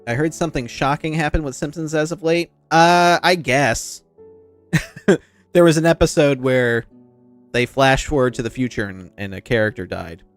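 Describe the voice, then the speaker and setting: A man's voice: on the high side, moderate pace. A man with a nasal voice and a slight lisp, chatting casually and rambling to his viewers while streaming a game. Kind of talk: casual live-stream chat while gaming. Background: faint background music.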